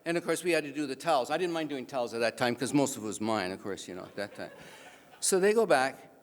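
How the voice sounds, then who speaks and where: A man giving an animated, self-mocking storytelling speech at an awards event, acting out the other people in his story. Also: medium pitch, quick pace. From Canada. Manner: animated, self-mocking anecdote with acted-out voices. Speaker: awards speaker. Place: banquet hall. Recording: reverberant hall PA sound.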